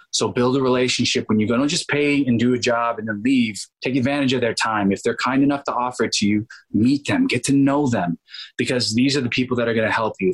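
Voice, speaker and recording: A man in his thirties, an actor as interview guest, telling stories in a lively, casual way, laughing often and acting out quotes. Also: medium pitch, slightly rough, low-quality recording.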